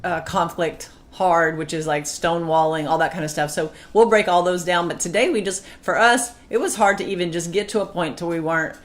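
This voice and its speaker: Female co-host, lower register, lively casual chat with acted-out quotes. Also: fast, hardly any pauses, slight background noise. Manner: animated, quotes past arguments in a raised voice. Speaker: marriage podcast co-host.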